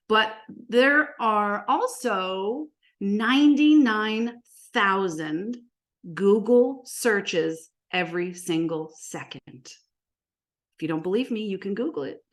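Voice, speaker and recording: A woman who works as a marketing coach, giving an energetic, animated presentation full of stories and rhetorical questions. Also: medium pitch. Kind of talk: presentation to an audience.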